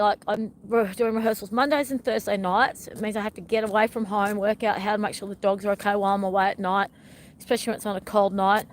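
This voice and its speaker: A woman's voice: medium pitch, slight background noise. Chatty middle-aged woman rambling to viewers. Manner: chatty and meandering, often addresses viewers as everyone. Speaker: wellness vlogger. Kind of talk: rambling live-stream chat.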